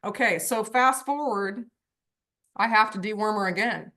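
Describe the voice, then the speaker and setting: A woman's voice: mid-range voice, unhurried. A woman coaching horse owners on a video call, telling stories and acting out the voices in them. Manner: lively storyteller, acts out voices. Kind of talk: online group coaching call.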